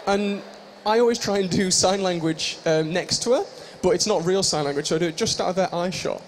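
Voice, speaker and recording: At a live fan convention, a young male stage host trades improvised jokes and teases the crowd. He speaks briskly in a high voice, with a slight hiss or hum in the background.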